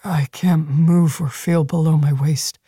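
A gravely wounded young soldier, dry-throated and croaking, worn out and ready to give up, as a woman reading puts him on. His voice drops a little below the reader's own, in a dry, close sound. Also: deep voice, steady tone, measured pace, warm tone, dry recording, voice pushed down, full character voice. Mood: weary. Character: wounded young male soldier Hake, weary and hopeless. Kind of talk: audiobook character voice.

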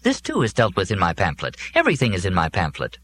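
A man's voice: low voice, huge pitch swings, fast talker, fairly bright tone, a little hiss or hum, heavily acted. A man voicing a pedantic, long-winded male robot that lectures with precision. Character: fussy pedantic male robot, wordy and earnest.

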